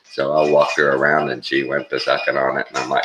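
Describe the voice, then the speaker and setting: A man's voice: a bass voice, level tone, brisk, noisy background. An older man from Texas with a Texan drawl, rambling folksy and chuckling through a casual morning vlog. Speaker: vlogger.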